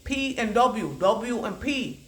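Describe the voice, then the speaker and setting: A woman's voice: lively intonation, takes it slowly. Rambling psychic woman in an echoey room. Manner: rambling, repeats words in chanting bursts; swings between low murmurs and loud declarations. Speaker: psychic oracle card reader. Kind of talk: channelled oracle card reading.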